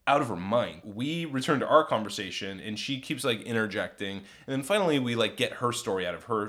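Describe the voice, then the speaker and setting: A man in casual podcast chat, telling a story at length. His pitch sits in the middle, and he keeps jumping up into higher, louder voices for the people he quotes. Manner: animated, acts out quotes in raised voices. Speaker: podcast co-host.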